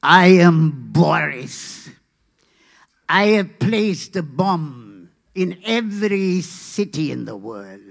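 A man doing a slow menacing Russian villain. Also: very animated, gravelly, a bit bright, exaggerated voice. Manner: slow, booming threats.

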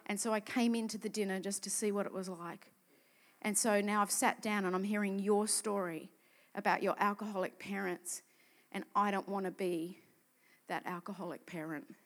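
A woman speaking as a desperate middle-aged man she met, in a quiet, subdued voice. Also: medium pitch, steady tone, moderate pace, voice pushed down, natural voice. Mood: despairing.

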